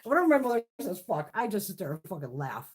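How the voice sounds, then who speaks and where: Talking fast in a sing-song, mid-range voice with a breathy edge, a fiftysomething beauty vlogger rambles through her live stream. She curses freely and laughs a lot.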